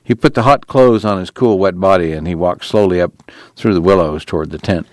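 The audiobook narrator is male with a deep voice, delivering the tale at a steady, measured pace. No room sound is present.

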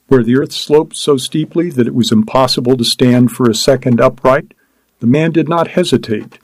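A man narrating a story aloud in a measured, descriptive reading. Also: mid-range voice, a little mellow, no echo, low-quality recording. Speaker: audiobook narrator. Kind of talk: scripted narration.

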